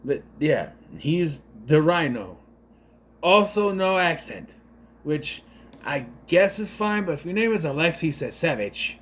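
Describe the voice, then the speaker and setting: A man's voice: on the high side, sing-song, measured pace, slight background noise. A man giving a casual spoken movie review, rambling with unsure asides and self-corrections.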